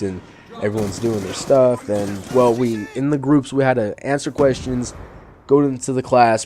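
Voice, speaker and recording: A teenage boy talks over his gameplay in a loose, rambling way, stumbling through fillers and restarts. His voice is mellow and unhurried, with a faint hiss of noise behind it. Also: mid-range voice. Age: teens. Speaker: channel host. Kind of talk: gameplay commentary.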